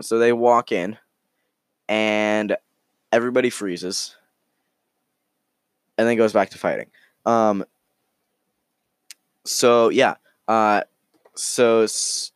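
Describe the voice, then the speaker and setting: Rambling, smooth-voiced male storyteller. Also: lowish voice, dry recording, clean studio sound. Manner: rambling, halting, full of restarts. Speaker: storyteller, podcast host. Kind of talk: casual improvised storytelling.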